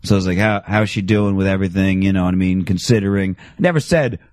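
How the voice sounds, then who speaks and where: A man's voice: low voice, quick pace, no echo, clean studio sound. A young adult man telling a story in casual chat, acting out the quoted dialogue as he goes. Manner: animated, acts out quoted dialogue with voice shifts.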